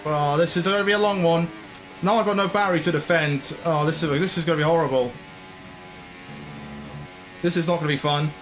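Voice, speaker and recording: A man's voice: on the high side, steady tone, a little fast, pauses often, faint music behind. A man commentating his own racing game, frustrated and ranting. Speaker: gaming channel host.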